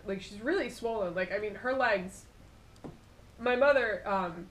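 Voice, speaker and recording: A woman's voice: medium pitch, unhurried, a little hiss or hum, poor audio. A woman guesting on a podcast, chatting frankly and casually, swearing and trailing off with fillers. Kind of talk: casual chat.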